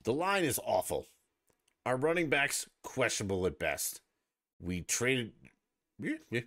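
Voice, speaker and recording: A man's voice: medium pitch, very animated, a little slow, a bit bright, no room sound, studio quality. A man hosting a podcast in a casual, combative political rant, swearing a lot and sarcastically mocking his opponents. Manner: profane and combative, heavy swearing; sarcastic, mocks opponents with put-on voices. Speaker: podcast host.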